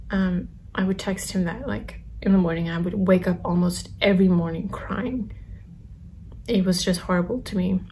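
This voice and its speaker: A young woman telling a personal story to camera while eating, in a soft, halting, confessional way with many pauses and ums. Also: on the low side, a little hiss or hum. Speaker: vlogger.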